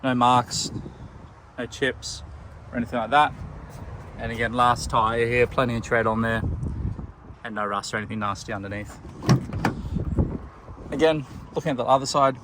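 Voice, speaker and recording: An Australian man working as a car salesman talks through a vehicle tour in an easy, matter-of-fact way. His voice is bright and forward at a middling pitch. He is recorded on a camera mic around and inside a car, with a faint hum of outdoor noise behind him. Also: normal speed, pauses often. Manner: relaxed, plain-spoken, pointing things out as he goes. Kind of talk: walkaround car video tour.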